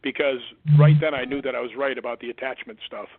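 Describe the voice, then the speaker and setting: A man's voice: medium pitch, quick pace, dry recording. Man telling a story over a tinny phone line. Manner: animated, acts out quoted voices. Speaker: guest, stuntman and ghost hunter.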